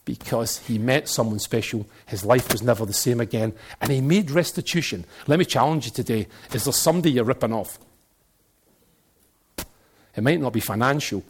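A middle-aged man with a Glaswegian accent preaching a sermon, telling animated stories and jokes and now and then breaking into shouts. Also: mid-range voice, moderate pace, a little hiss or hum.

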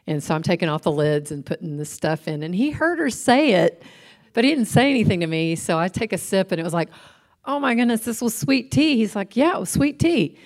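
This co-host is a middle-aged woman with a low voice, leading a relaxed discussion centered on faith. She tells animated stories about everyday life and keeps breaking into laughter.

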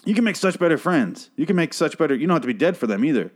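A man's voice: a little high, big pitch swings, rapid-fire. A man casually recapping a TV episode, rambling and sarcastic, swearing often. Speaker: show recap host.

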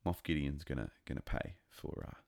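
A man giving a casual, rambling and excitable review of a TV episode. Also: a bass voice, moderate pace, vocal fry. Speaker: show reviewer.

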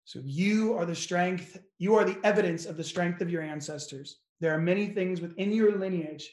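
A man guest on a faith-based podcast, speaking emphatically and slowing down for solemn lines of a blessing. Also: high-pitched, darkish tone, roomy sound.

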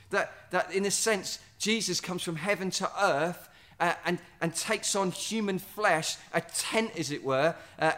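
A man preaching a sermon, earnest, repeating words and slowing down to stress key lines. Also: fairly high pitch, fairly bright tone. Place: standing in a building site or venue.

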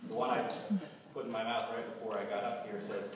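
Brief: New England-accented male preacher with a cold, chatty and wry, mid-pitched voice heard from far off in a reverberant hall with steady noise. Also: a little fast. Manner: conversational, gently humorous, stumbles and repeats words. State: has a cold. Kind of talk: sermon. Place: large church hall.

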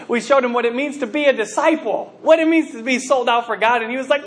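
A male preacher delivering a sermon in a high, light voice. He tells stories animatedly, restarting his sentences and filling the pauses with "you know". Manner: animated storytelling with many fillers and restarts.

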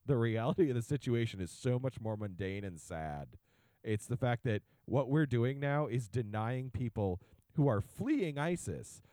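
A man's voice: mid-range voice, animated, moderate pace, warm tone, dry recording. A man co-hosting a podcast, ranting casually and slipping into mock voices. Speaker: podcast co-host. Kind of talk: casual chat.

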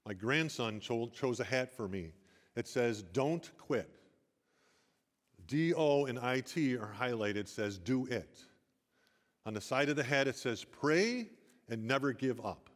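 A man's voice: mid-range voice, lively intonation, unhurried. An older man giving an earnest sermon, telling Bible stories with rising emphasis. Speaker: preacher. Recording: long hall reverb.

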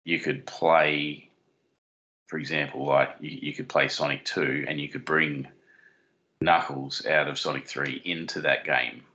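Man, low voice, sharp tone, rambling podcast co-host. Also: fairly even intonation, measured pace, highs cut off. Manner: rambling, giggly, self-deprecating. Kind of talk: casual podcast chat. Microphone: desk mic on a stand.

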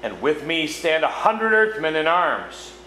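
A man's voice: a little high, sing-song, unhurried, bright, forceful tone, full character voice. A man reading aloud, voicing a stern male warden of an underground realm with formal, commanding speech in a storybook. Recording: echoey room with background noise.

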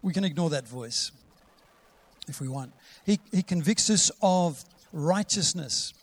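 Male preacher, sermon, slightly raised pitch, scripture quotes, builds emphasis, soft whispered asides. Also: animated, a little slow. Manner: drops to a soft whisper to act out a gentle voice.

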